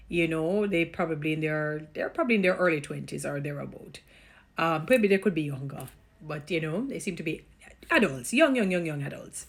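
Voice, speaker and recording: Jamaican woman, vlogger, a bit low-pitched, chatty, pet names, drops into patois now and then. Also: fairly bright tone. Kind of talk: casual direct-to-camera commentary.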